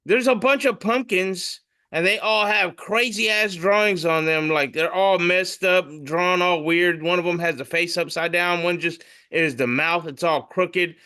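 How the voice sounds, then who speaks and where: A man co-hosting a podcast, chatting casually as he describes memes aloud and puts on quick voices for the characters. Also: high-pitched, steady tone, pushed and bright, clear, resonant tone. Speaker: podcast co-host.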